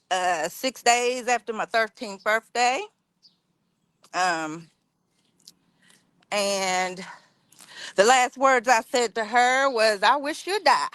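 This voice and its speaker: A middle-aged woman from West Virginia, a podcast guest telling her life story in a blunt, emotional, halting way. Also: on the high side, a bit bright, clear, resonant tone, no echo. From West Virginia, USA. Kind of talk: candid personal storytelling.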